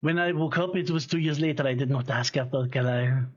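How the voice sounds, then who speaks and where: A man plays a shell-shocked man worn out and longing for sleep, speaking in a weak French accent. His lines come tired, blunt and halting at a middling pitch. The audio is a little dull and muffled. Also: lightly acted. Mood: dismissive. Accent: weak put-on French accent. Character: weary shell-shocked man craving opium.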